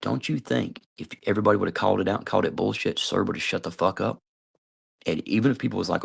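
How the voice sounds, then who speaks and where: A man with a deep, heavily gravelly voice rants straight to camera, swearing at nearly every turn. His tone is husky and rough. He rambles, calls people out and trails off mid-thought. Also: expressive, fast. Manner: trails off, hedges with "I don't know". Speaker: video commentator. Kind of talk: rambling profane rant to camera.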